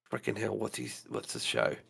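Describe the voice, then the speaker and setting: A man's voice: lowish voice, sing-song, measured pace, gravelly, a bit bright, breathy edge. A man with an Australian accent, co-hosting a livestream in casual, frank chat, swearing now and then and trailing off while he searches for words. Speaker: co-host of a blacksmithing livestream.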